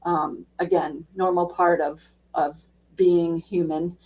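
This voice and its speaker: A woman social worker giving an educational talk in a relaxed, conversational way with frequent fillers. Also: fairly low pitch, slow, slightly rough, far from the mic, highs cut off.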